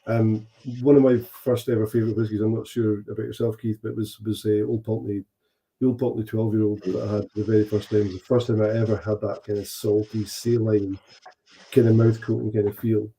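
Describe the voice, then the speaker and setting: A man, a whisky adviser, chatting casually as a guest with many pauses and restarts. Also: lowish voice, flat delivery, dark tone, poor audio. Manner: hesitant, many ums and restarts. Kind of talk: casual chat.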